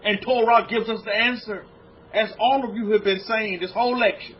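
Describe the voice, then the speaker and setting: A man preaching a lecture-style sermon as a rabbi to his congregation, firing off rhetorical questions and swinging from loud exclamations to low, hushed lines. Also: fairly even intonation, normal speed, slight background noise. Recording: dull lo-fi recording.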